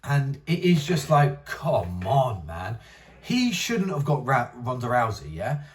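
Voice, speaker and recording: A young man hosting an MMA commentary channel rants in an exasperated, rambling way, mocking others with whiny voices. His medium-pitched voice swoops wildly, though he takes his time. The mic sounds distant.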